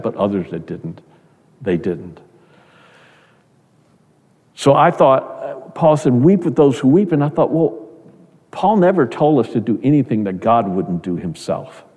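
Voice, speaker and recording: A man's voice: lowish voice, dark tone, long reverb tail. A man preaching a sermon in an earnest, conversational way, often repeating words as he goes.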